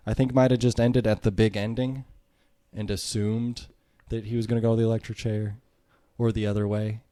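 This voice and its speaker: A low-pitched man in casual podcast talk about a movie, dry and close with no room sound. He jokes along and slips into quoted lines from the film. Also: normal speed, dry recording. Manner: relaxed, joking, acts out movie lines. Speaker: podcast co-host.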